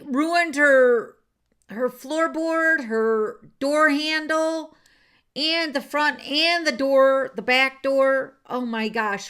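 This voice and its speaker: A woman talks casually with viewers while hosting a card-making stream in her home craft room, wandering off track and using lots of fillers and restarts. She has a slightly high, somewhat bright voice.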